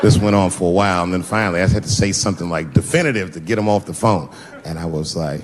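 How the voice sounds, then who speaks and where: A male stand-up comedian telling profane stories on stage into a handheld mic, leaping into high-pitched voices for effect. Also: fast talker. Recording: live show with audience noise.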